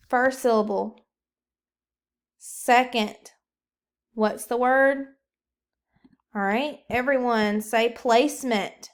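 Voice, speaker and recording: A woman teacher giving a recorded phonics lesson, talking slowly and encouragingly to young pupils. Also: fairly high pitch, steady tone.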